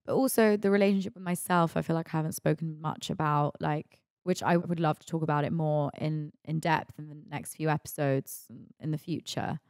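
A woman's voice: deep voice, steady tone, fairly quick, hardly any pauses, a little mellow, no echo, studio quality. A woman, hosting a podcast in a candid, chatty monologue full of "like" and "you know". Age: 20s. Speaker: podcast host.

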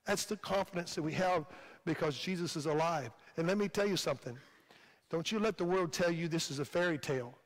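A man's voice: on the high side, a little fast. A male pastor with a Midwestern American accent preaching a sermon in a fervent, repetitive cadence, recorded in a church sanctuary. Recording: long hall reverb.

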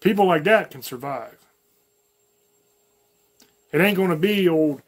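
A man's voice: fairly high pitch, lively intonation, a little slow, pauses often. A man from the American South with a light Southern accent, giving a blunt, folksy opinion monologue as a channel host, full of slang and profanity. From American South, mountains.

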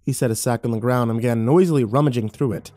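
A man's voice: mid-range voice, fast talker, dark tone, no echo, clean studio sound. A man reading horror stories aloud, building tension and turning urgent in the action scenes. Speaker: horror story narrator. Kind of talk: dramatic horror story narration.

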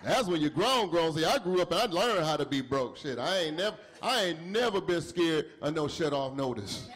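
A man's voice: fairly high pitch, normal speed. A middle-aged man doing a stand-up comedy set, telling stories with acted-out dialogue. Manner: animated storytelling with acted-out dialogue. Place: comedy club stage with audience. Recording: live set with faint crowd. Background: audience laughter.

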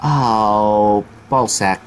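With a lowish voice and drawn-out words, a young gaming video host provides let's-play commentary. He swears frequently, jokes about how bad he is, and yelps excitedly when he takes a hit.

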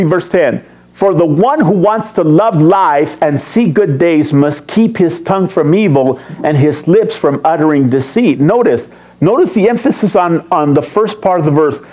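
A man's voice: high voice, a little mellow. A man preaching a sermon as pastor, teasing and quizzing his congregation. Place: church sanctuary.

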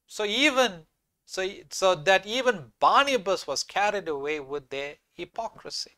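A man's voice: high-pitched, animated, unhurried, sharp tone, no room sound. A man preaching a sermon, reading scripture aloud and repeating key phrases for emphasis.

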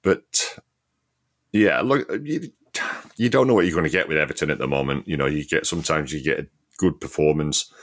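A man's voice: a bass voice, a little fast, a bit bright. A man co-hosting a casual football podcast, talking in an easygoing way with many fillers and frequent laughs. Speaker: podcast co-host, former player.

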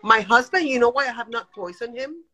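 A woman in her forties, calling into a live video chat, emotional and animated as she vents and laughs. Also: on the high side, fairly quick. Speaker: guest caller on a live stream.

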